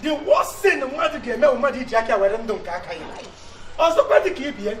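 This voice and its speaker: Play a preachy Nigerian man who lectures like he is giving a sermon, in a very high voice with lively swings. He is heard from afar in a roomy space. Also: quick pace, a little hiss or hum. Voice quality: sermonizing, emphatic. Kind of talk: comic TV drama. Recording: roomy and distant.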